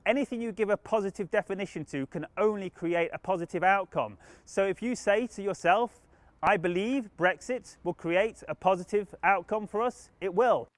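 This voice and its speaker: A man's voice: high-pitched, normal speed, dry recording, lightly acted. A man channeling a benevolent alien collective, speaking in earnest, formal new-age pronouncements. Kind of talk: channeling session.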